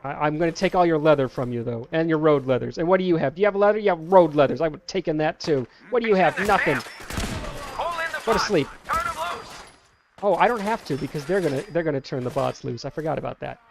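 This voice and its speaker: This gameplay streamer narrates his own let's-play casually, playfully bossing the characters like a parent putting kids to bed. He has a fairly high voice with lively intonation, a quick pace and vocal fry.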